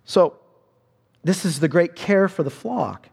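A man's voice: a little high, expressive, moderate pace, creaky, a little mellow, slightly rough, in a large hall. A man preaching a sermon as pastor, earnest and emphatic, repeating his key phrases.

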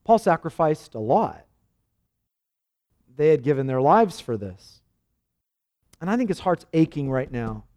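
A man's voice: fairly high pitch, very animated, measured pace, long pauses, a little mellow. A man preaching a sermon with passion, acting out the voices of those he quotes. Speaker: pastor.

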